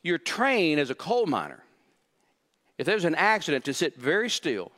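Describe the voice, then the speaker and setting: A male pastor preaching a sermon, emphatic and repeating key phrases, swinging from hushed to loud. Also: on the high side, sing-song, moderate pace.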